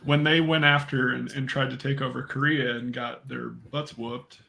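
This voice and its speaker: A man taking part in a casual group chat on a video call, calmly explaining things. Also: medium pitch, normal speed, vocal fry, background noise. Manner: informative, explaining. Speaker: guest.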